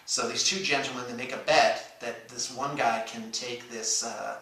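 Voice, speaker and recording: A man's voice: mid-range voice, fairly even intonation, normal speed, sharp tone. A middle-aged man co-hosting a casual morning talk show, joking dryly at his own expense with lots of hesitation. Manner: dry, self-mocking humor with frequent hesitations. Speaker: radio show co-host. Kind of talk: casual banter. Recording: echoey room, distant from the mic.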